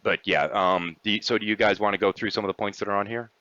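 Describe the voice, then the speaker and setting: A man's voice: lowish voice, fairly even intonation, quick pace, sharp tone, dry recording. A man hosting a casual podcast, blunt and profane in his talk. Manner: blunt, profane, occasionally clears throat. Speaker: podcast host. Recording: dry, dull lo-fi sound.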